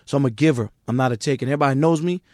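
A middle-aged man with a New York accent talks bluntly, with a profane, street-wise edge. His voice sits at an ordinary pitch for a man. The recording is dry and close, with no room sound. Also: very fast, darkish tone, no echo. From Queens, New York. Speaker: music manager, guest. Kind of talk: candid podcast interview.

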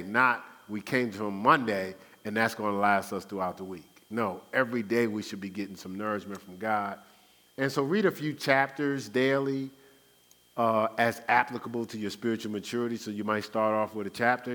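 A man giving conversational Bible teaching, animated and acting out everyday talk. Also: lowish voice, long reverb tail. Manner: animated, acts out everyday speech. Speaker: Christian teacher. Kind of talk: conversational preaching.

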